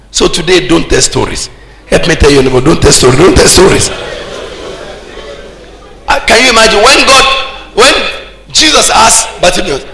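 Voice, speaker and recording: A Nigerian pastor preaching a sermon, older, with sudden shouted peaks and call-and-response to the congregation. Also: male voice, on the high side, gravelly. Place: church hall. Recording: echoey church hall.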